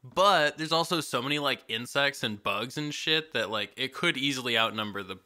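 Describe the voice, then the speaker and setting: A man's voice: medium pitch, expressive, moderate pace, sharp tone. A man co-hosting a casual podcast, rambling with lots of "like"s, casual swearing and sarcasm. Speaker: podcast co-host. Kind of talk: casual chat.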